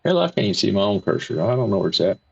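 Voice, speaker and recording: A man racing through a casual livestream reads viewer comments and rambles on in a folksy, repetitive way. His lowish, slightly rough voice swings widely in pitch and carries vocal fry, all on dull lo-fi stream audio.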